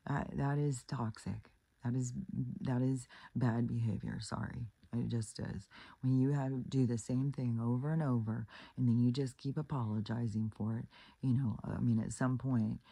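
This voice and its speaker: A woman's voice: very deep voice, steady tone, moderate pace, dark tone, dry recording. A woman giving relationship advice in a casual monologue, blunt and profane, retelling stories with acted-out quotes.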